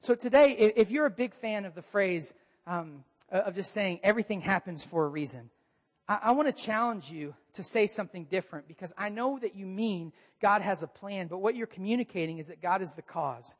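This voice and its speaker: Animated preacher in a reverberant hall. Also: male voice, brisk. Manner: animated, shifting pitch and volume for emphasis. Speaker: pastor. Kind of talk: sermon.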